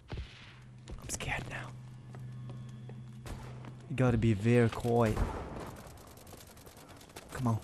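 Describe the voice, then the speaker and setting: A man's voice: mid-range voice, background noise. A man giving casual gameplay commentary, playfully taunting and trash-talking his opponents. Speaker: gaming channel host. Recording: loud game gunfire behind voice.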